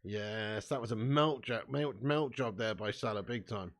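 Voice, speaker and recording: His voice is fairly low and his pace measured as this young man hosts a live football watch-along, commentating and reading out the chat. There's lots of swearing and banter, and his mood swings from glum muttering up to shouting and laughing.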